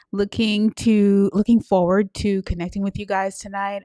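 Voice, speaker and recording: A woman's voice: medium pitch, little pitch movement, normal speed, few pauses, warm tone, dry recording, studio quality. A woman hosting a live stream, chatting with viewers and greeting them by name with sing-song hellos and frequent laughs. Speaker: livestream host and coach. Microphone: live-stream setup.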